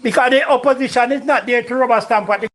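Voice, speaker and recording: A man's voice: very high voice, quick pace. A man with a Jamaican accent talking politics in a loose, rambling way. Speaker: political debater. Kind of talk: casual political discussion.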